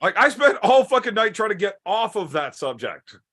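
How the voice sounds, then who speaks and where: A man's voice: high voice, very animated, moderate pace, a bit bright, slightly rough. A man in a casual podcast over beers, teasing his friends with crude jokes. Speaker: podcast co-host.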